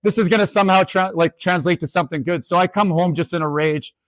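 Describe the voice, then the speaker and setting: Man in his 40s, Canadian, keynote storyteller, self-mocking, fairly high voice, dry sound, lively comic delivery. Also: no echo. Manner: animated, self-mocking, quick asides. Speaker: keynote speaker. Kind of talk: humorous storytelling talk.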